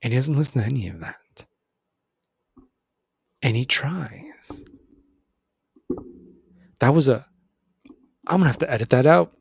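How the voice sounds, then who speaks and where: A young adult man hosting a casual self-improvement talk, rambling and animated, correcting himself and calling the listener "bro". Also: medium pitch, unhurried, gravelly, long pauses, slightly rough. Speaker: self-improvement video host.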